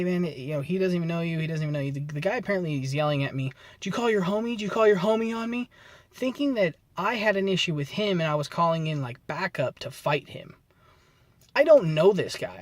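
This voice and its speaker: A man vlogging, telling a story in a rambling, conversational way and often correcting himself. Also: fairly high pitch. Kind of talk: casual storytelling to camera.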